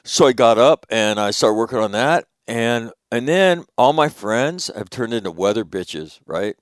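A middle-aged man from Northern California hosting a radio show, telling a long, rambling, profane story with lively quoted asides. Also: medium pitch, unhurried, dry recording, clean studio sound. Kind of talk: casual storytelling monologue.

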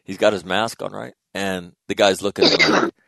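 A man hosting a casual chat, telling animated stories and laughing often. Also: low-pitched, a little fast, gravelly, no echo.

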